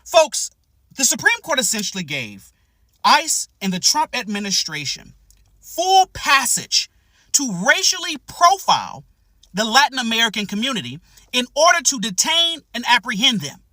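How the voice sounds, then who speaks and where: A woman delivering political commentary in a high, bright and very animated voice. She is emphatic and indignant and drags out the words she wants to stress. The sound is dry and close. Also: moderate pace, no echo. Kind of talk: direct-to-camera commentary.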